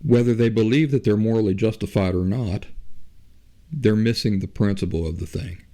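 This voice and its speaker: A man's voice: lowish voice, moderate pace, dark tone. A man hosting a podcast, talking through an argument in a rambling monologue and asking rhetorical questions. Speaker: podcast host. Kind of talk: casual monologue.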